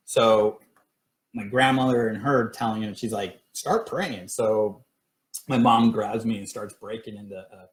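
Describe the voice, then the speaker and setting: Man telling a story in an echoey room. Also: on the low side. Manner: rambling, full of fillers and restarts. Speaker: paranormal research group director. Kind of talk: casual storytelling on a livestream. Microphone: phone or webcam livestream.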